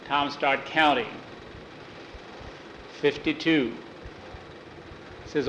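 A man spinning a frontier yarn in a folksy, unhurried storytelling manner. His voice sits a little high and rings around an echoey room. A faint hum lies under the recording. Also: steady tone, fairly bright tone. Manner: homespun, leans on repeated "he says" and "finally". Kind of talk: oral storytelling.

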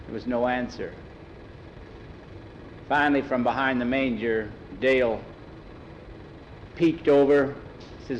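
A man's voice: mid-range voice, steady tone, unhurried, pauses often, dull audio. A man telling a story aloud, plain and folksy, with an ordinary mid-range voice. A faint hum sits in the background.

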